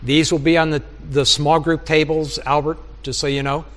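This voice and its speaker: A man's voice: a little high, flat delivery, normal speed, a bit bright, in a large hall. A middle-aged male preacher giving an earnest sermon, often acting out his own prayers and conversations with God. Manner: earnest, acts out dialogues with God.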